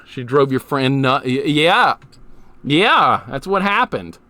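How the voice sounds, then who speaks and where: A man's voice: mid-range voice, very animated, takes it slowly, no echo. A man in his thirties streaming a retro game, chatting and laughing with viewers while he plays, swearing casually. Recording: game music playing loudly beneath the voice. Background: retro game music.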